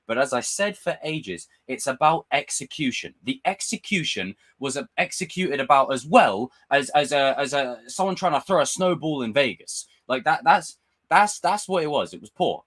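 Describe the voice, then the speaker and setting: A man's voice: mid-range voice, moderate pace. A young man hosting a live stream, chatting casually and ranting with lots of swearing. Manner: animated, swearing, ranting fan. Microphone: desk mic with camera.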